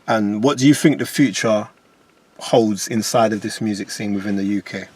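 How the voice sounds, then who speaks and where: A man hosting a podcast speaks in a lowish voice. He asks measured questions and fills the pauses with brief affirmations, keeping a conversational interview tone. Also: darkish tone, slightly rough, dry recording. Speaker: podcast host.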